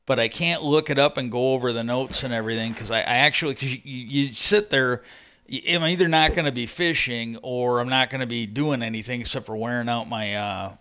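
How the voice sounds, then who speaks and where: A man's voice: medium pitch, sharp tone. A man streaming a game, telling a long profane story in a rambling way, reenacting old arguments. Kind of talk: casual storytelling while gaming.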